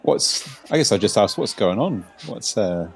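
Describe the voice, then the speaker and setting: A man speaking as a player at a tabletop game in a hesitant, halting way. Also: fairly low pitch, expressive, gravelly, husky. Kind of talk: casual tabletop play.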